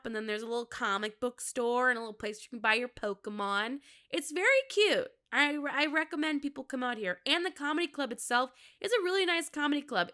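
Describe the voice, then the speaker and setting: Bright, self-mocking Midwestern woman comedian. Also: on the high side, clear, resonant tone. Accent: Midwestern American. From Minnesota. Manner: candid, self-mocking, jokey with laughs. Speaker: comedian podcast host. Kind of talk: casual solo podcast chat.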